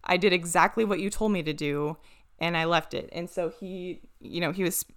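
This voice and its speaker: Smooth-voiced woman telling a rambling story. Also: lowish voice, normal speed. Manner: animated storyteller, swears freely, acts out quoted voices. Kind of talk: casual podcast chat.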